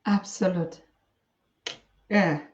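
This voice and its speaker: A woman interviewing a guest, halting and restarting as she searches for her words. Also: fairly low pitch, steady tone, a little mellow. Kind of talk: conversational interview. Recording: echoey, dull lo-fi sound.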